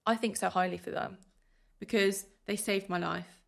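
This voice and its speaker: A woman's voice: mid-range voice, fairly even intonation, vocal fry. A woman in her thirties, a podcast guest telling her own story in an earnest, heartfelt way. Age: 30s. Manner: earnest, heartfelt, speaks in rushes of feeling. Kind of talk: emotional personal interview.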